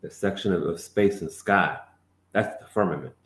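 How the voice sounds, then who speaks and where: Speaking at a normal speed in a room full of echo, a very deep-voiced preacher, who leads the class, gives a fiery street-style sermon. His delivery is emphatic, with called-out prompts and "man" tagged onto his lines.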